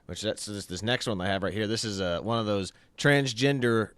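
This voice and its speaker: Smooth-voiced man reading out posts. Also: lowish voice, a little fast, a bit bright, dry recording. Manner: walks through posts on screen, casual. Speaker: co-host. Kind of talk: casual political chat.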